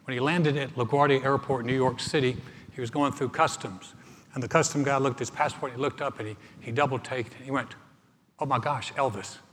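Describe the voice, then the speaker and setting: Pastor preaching in a reverberant church. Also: male voice, mid-range voice, fairly even intonation, fairly bright tone, slight background noise. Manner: conversational, joke-telling, halting restarts. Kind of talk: live sermon. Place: church sanctuary. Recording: live church recording with long reverb.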